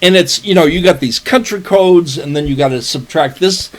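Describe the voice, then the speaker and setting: A middle-aged man co-hosting a podcast tells a long, rambling story in casual chat, swearing often and restarting his sentences. His voice is a little high, at normal speed.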